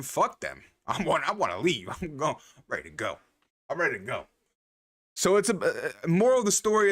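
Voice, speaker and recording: Male streamer, casual livestream chat, lively swooping delivery, bright voice, slightly high, profane and rambling. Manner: animated, profane, rambling with laughs.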